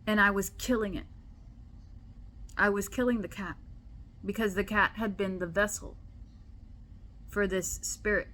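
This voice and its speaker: Bright-voiced chatty woman telling stories. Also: mid-range voice. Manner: animated, chatty, acts out quoted voices. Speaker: spiritual vlogger. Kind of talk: casual storytelling to camera. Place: indoor room at home.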